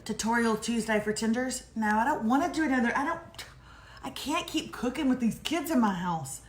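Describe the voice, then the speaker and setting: A woman in her forties, co-hosting a live morning show and telling stories in a chatty, animated way. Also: fairly high pitch, fairly quick, very noisy. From Texas. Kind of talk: casual live chat. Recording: echoey room.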